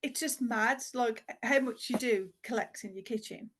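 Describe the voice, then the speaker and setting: A woman's voice: fairly high pitch, normal speed, a little hiss or hum. A woman, a podcast guest in casual chat, who agrees readily and laughs often. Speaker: podcast guest, small egg seller.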